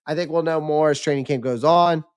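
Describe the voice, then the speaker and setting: Rambling male livestream host, smooth voice. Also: a little high, fairly quick. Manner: loose, rambling, with many restarts and fillers. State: losing his voice. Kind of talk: casual livestream commentary.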